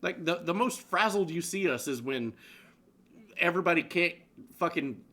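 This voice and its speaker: A man's voice: a little high, expressive, normal speed, sharp tone. A man co-hosting a live stream show, chatting casually with profane, laughing banter. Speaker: co-host.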